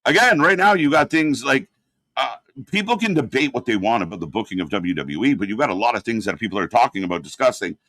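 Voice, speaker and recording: A man's voice: mid-range voice, sing-song, fast talker, fairly bright tone, dry recording. A man hosting a live watch-along, reacting and critiquing in a rambling, exasperated way with lots of fillers. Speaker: host.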